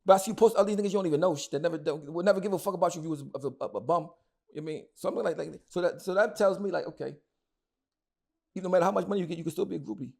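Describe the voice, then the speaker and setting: Middle-aged philly guy going off in an interview, fast and emphatic, kinda high and raspy. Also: a little mellow. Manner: angry, emphatic, repeats himself, curses a lot. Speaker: interview guest. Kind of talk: heated casual interview talk.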